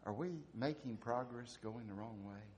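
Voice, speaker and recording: A man's voice: medium pitch, normal speed, darkish tone, slight background noise. A man preaching a sermon, asking repeated rhetorical questions and building to emphatic peaks.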